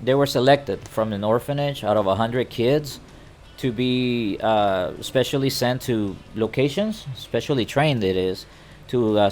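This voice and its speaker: A man's voice: mid-range voice, darkish tone, a little hiss or hum. Stammering man casually recapping an anime. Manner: stammering, loose and chatty. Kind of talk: casual retelling of an anime episode. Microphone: talking to a camera.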